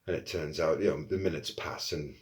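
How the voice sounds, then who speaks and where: A man telling a casual anecdote in an animated way, swearing often and acting out quotes. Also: very deep voice, brisk. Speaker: storyteller.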